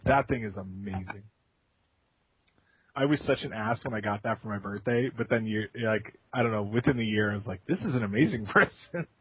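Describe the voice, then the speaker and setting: A husky man with a mid-range voice talks sheepishly in a casual podcast chat, laughing at himself. The sound is dry and dull. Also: lowish voice, fairly even intonation, brisk, no room sound. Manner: sheepish, self-deprecating, laughs often. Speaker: podcast co-host.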